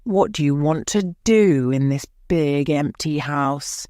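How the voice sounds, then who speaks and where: A woman reading aloud voices a sad, absent-minded uncle, low-pitched, slow and weary but kind. The reading is dry and close. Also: warm tone, no room sound. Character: sad, distracted older uncle.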